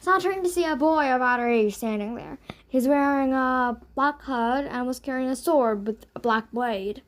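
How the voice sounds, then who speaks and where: Brief: woman storybook narrator, high, expressive read-aloud. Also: moderate pace. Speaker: audiobook reader.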